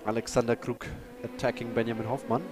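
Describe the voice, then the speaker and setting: A man who speaks natively, chatting and commentating a live sim race, excitable and apologetic. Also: medium pitch, quick pace, background noise. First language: German.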